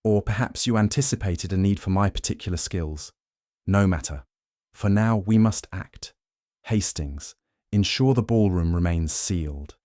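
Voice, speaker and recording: A man voicing a shrewd older male detective who asks measured, pointed questions in an audiobook. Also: deep voice, warm tone, no room sound, clean studio sound. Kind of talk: audiobook narration.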